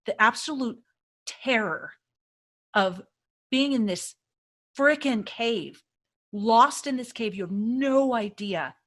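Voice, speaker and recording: A woman co-hosting a podcast, chatting casually and animatedly as she reviews a film. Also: fairly high pitch. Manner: chatty, animated retelling with acted-out reactions. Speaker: podcast co-host.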